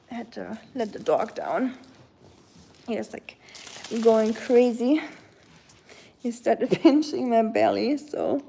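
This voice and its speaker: A woman with a German accent, a native German speaker, chatting casually on a livestream at home, answering her chat in a rambling way with many pauses and talking to her dog now and then. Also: a little high, gravelly, dark tone, breathy edge. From Germany, near the French border. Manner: chatty and rambling, often pausing on "um", breaking off to soothe her dog.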